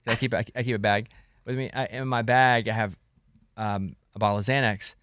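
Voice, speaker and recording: A man hosting a radio morning show, telling quick joking stories. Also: lowish voice, steady tone, a bit bright, no echo, clean studio sound. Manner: quick joking storyteller, self-teasing. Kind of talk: casual morning show banter.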